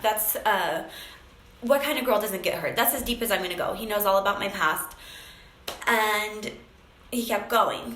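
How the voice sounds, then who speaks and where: Animated woman telling a personal story. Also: mid-range voice, measured pace, long pauses, reverberant, slight background noise, rough recording. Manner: animated, acts out phone calls, many fillers. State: briefly tearful. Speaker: speaker sharing a personal story.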